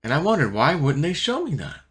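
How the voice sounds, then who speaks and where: A man's voice: a little high, wildly swooping pitch, fairly quick, a bit bright. A man vlogging about crypto in a rambling, casual monologue full of fillers. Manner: rambling, filler-heavy, restless talk.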